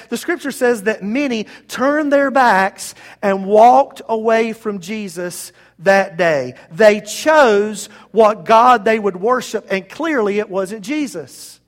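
A pastor preaches his sermon in a notably high-pitched male voice. He keeps it conversational but leans hard on key words. He often turns to address his listeners directly. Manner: conversational, emphatic preaching with direct appeals to the congregation.

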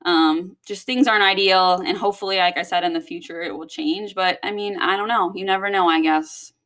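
A woman's voice: on the low side, steady tone, brisk, fairly bright tone. A young woman from Texas, talking casually in a rambling, swear-heavy venting monologue.

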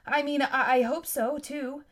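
A woman's voice: sits high, fairly even intonation, measured pace, fairly bright tone, pitched above the performer's own voice. A woman reading aloud, voicing a nervous teenage boy apprentice who mumbles and stammers.

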